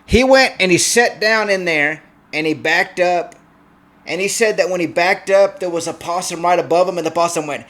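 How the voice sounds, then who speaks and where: A man co-hosting a comedy podcast, joking around and acting out his own story with loud yelps. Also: high voice, normal speed. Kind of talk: casual comedy podcast banter.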